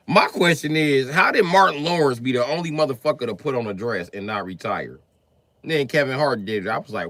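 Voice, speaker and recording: Male streamer; profane comedic riffing, lowish bright voice, very lively pitch. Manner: animated, profane, riffing with sudden jumps in pitch. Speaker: livestream host. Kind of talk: comedic livestream rant.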